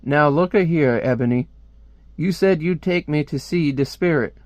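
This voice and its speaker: A man's voice: fairly high pitch, normal speed, darkish tone, dry recording, natural voice. A man voicing an insistent adult lodge member with a put-on Southern US accent, reading comic dialogue aloud.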